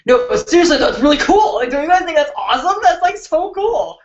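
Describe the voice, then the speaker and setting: Excitable woman from Chicago hosting a beauty channel live stream, reads comments aloud; lo-fi webcam audio in a roomy space. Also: high-pitched, brisk. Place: indoors at her computer. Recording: roomy, dull lo-fi webcam sound.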